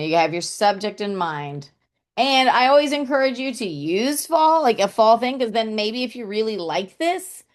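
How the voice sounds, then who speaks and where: A woman leads a casual writing lesson at an unhurried pace, often pausing to say "okay." She thinks aloud and taps out syllables and stresses as she goes, with a mid-range voice. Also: medium pitch. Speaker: homeschool poetry teacher.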